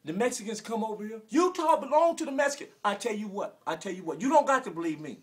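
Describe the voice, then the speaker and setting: A man in his forties from Arkansas with a Southern American accent, delivering an emotional, preachy rant that repeats phrases and bursts into shouts. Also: high-pitched, expressive, fast talker. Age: 40s. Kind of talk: impassioned direct-to-camera rant.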